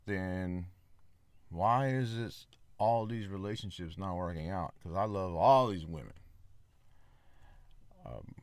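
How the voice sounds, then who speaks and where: Deep-voiced man rambling on a podcast. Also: unhurried, long pauses, no echo. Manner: rambling, repeats himself, many fillers. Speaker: podcast host. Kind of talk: casual solo podcast monologue.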